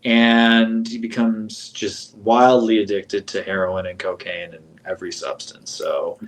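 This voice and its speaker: A man chatting casually as a guest, animated and laughing, swearing as he goes. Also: fairly low pitch, measured pace, rough recording. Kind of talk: casual chat.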